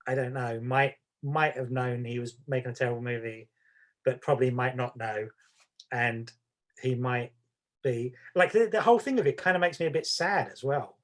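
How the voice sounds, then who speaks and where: A man's voice: mid-range voice, normal speed. A man co-hosting a podcast, talking casually in a rambling, self-deprecating and wry way. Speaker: podcast co-host. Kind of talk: casual chat.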